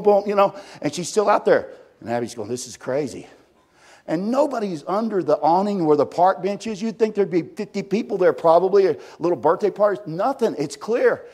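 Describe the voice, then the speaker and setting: A man preaching a sermon, telling a story with a slightly high, husky voice. He is animated, jumping from loud bursts to hushed, near-whispered lines as the story builds.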